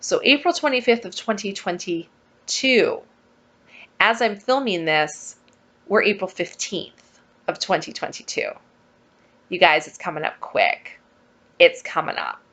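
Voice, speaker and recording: A woman's voice: mid-range voice, unhurried, long pauses. A chatty woman telling a personal story in a casual vlog, acting out the conversations as she goes. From Saskatchewan, Canada. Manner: chatty, animated, acts out quoted dialogue. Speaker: vlogger.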